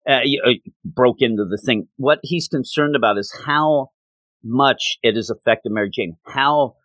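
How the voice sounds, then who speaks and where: Man, comic book recap, casual storytelling, animated, mid pitch, dry close recording. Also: a little slow, no room sound. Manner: animated, acts out quoted lines.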